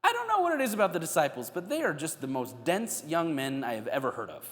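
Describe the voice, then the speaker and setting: Male pastor, lively storytelling sermon, echoey church hall. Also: fairly high pitch, fast talker, hardly any pauses. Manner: animated storytelling, acting out scenes.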